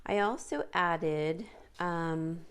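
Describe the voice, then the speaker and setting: Chatty woman with a smooth voice. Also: lowish voice, very slow, fairly bright tone. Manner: chatty, rambling with many fillers and restarts. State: hiccups. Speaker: cooking vlogger. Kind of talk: casual how-to narration. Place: home kitchen.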